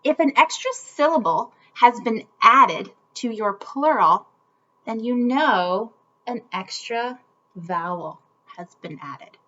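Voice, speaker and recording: A woman teaching a children's phonics lesson, speaking upbeat and clearly enunciated, in a slightly muffled home video recording. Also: fairly high pitch, lively intonation, slow pace, sharp tone.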